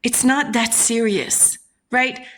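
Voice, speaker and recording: A woman's voice: a little high, slow, a bit bright. Frank, casual woman giving a pep talk. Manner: frank, swears freely, acts out inner voices. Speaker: self-help channel host.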